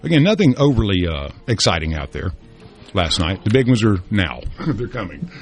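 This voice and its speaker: A man's voice: lowish voice, big pitch swings, moderate pace, soft background music. A man co-hosting a talk radio show, chatting casually about sports and history with folksy fillers and restarts. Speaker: radio co-host.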